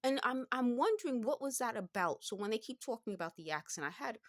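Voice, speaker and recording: A woman's voice: a little high, lively intonation, fast talker, no echo, studio quality. A woman in her fifties with a New York accent, talking through a rambling vlog monologue and often stopping to correct herself. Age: 50s. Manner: rambling, circling back with frequent self-corrections.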